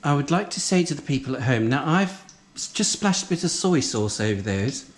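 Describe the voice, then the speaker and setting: A man's voice: a little high, lively intonation, fairly quick, natural voice. A man playing a bossy, posh lady cook in a comic cooking show, teasing and camp, calling everyone darling. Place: home kitchen. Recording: echoey kitchen with loud frying sizzle.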